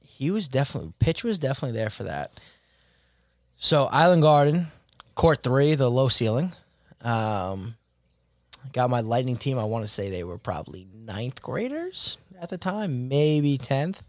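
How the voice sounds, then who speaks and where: A man who coaches basketball and teaches, telling a story in a casual podcast chat, animated and slangy, with some mild swearing. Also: mid-range voice, moderate pace, long pauses, dry recording.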